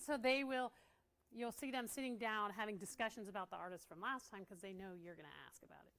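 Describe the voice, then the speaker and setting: A woman's voice: mid-range voice, a little fast, a bit bright. A woman giving a casual training talk to art teachers, chatty and laughing often as she acts out what kids say.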